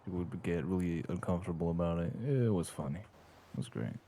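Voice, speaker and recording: A man talking in character during a role-play game, casual and profane, with halting restarts. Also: low voice, animated, vocal fry, mellow, a little hiss or hum.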